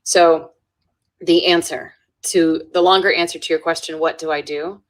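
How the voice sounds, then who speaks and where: In this conversational podcast interview, the female guest's low voice stays fairly even at a moderate pace as she earnestly tells a story, with restarts and many "right?" tags.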